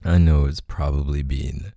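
Male, deep husky murmur, dark tone; intimate audio role-play, close and unhurried. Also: little pitch movement, no room sound. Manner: soft, close, murmuring partner voice.

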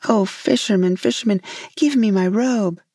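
A gentle moon fairy pleads in a lyrical, unhurried voice, as a woman reading the tale gives her lines. Her tone is low and slightly husky with a mellow warmth, in a dry close recording. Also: dry recording, full character voice. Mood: pleading.

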